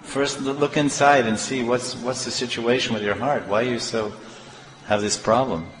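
A man giving a devotional sermon as a spiritual teacher, animated and acting out the voices of others in his examples. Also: mid-range voice, moderate pace. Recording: roomy hall with long reverb.

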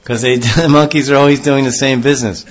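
A man's voice: mid-range voice, fairly even intonation, quick pace. A man giving a rambling devotional lecture with many restarts, heard on a dull lo-fi recording. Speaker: spiritual teacher.

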